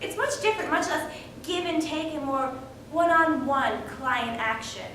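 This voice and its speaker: A woman's voice: high-pitched, unhurried, a bit bright, a little hiss or hum. A woman playing an eager corporate lawyer. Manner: eager, gushing chatter. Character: eager young female corporate lawyer, chatty. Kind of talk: stage acting in a reading. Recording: echoey room from far off.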